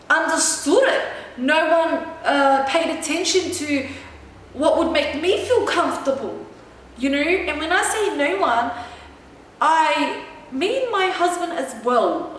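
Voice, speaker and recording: A woman's voice: sits high, fairly bright tone, recorded from a distance. A woman vlogger telling a personal story to camera in an emphatic, chatty way, often checking in with the listener. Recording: very echoey room, voice from afar, faint noise.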